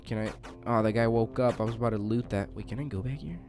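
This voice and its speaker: Music plays behind a young man doing laid-back let's play commentary for his gaming channel. His mid-range voice moves quickly, and every time his character is attacked he lets out panicked yelps and shrieks.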